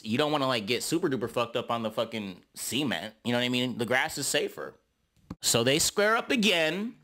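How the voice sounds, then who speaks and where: A man's voice: mid-range voice, bright, forceful tone. A man recapping a reality TV episode in casual, sassy commentary full of slangy asides.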